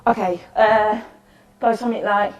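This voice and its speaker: A woman's voice: medium pitch, fairly even intonation, moderate pace, lo-fi sound, very noisy, natural voice. A woman performing a lonely, chatty woman at the end of the world in a solo interactive theatre monologue, rambling and apologetic. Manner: rambling, apologetic, nervously cheerful. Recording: echoey room, voice from far off.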